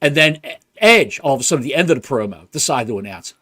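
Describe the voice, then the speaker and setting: A man co-hosting a casual wrestling podcast, ranting with rapid rhetorical questions. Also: mid-range voice, lively intonation, sharp tone. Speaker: podcast co-host.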